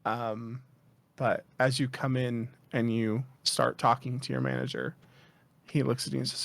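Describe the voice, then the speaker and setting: Gravelly-voiced male game master. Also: mid-range voice. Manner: relaxed, halting narration with many fillers. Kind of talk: narrating a tabletop game.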